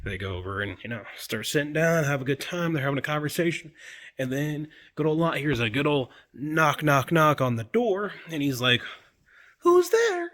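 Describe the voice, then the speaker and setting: A man's voice: on the high side, moderate pace, a bit bright. A young man who hosts videos, casually retelling a story in slangy, profane speech and acting out the characters. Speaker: video host.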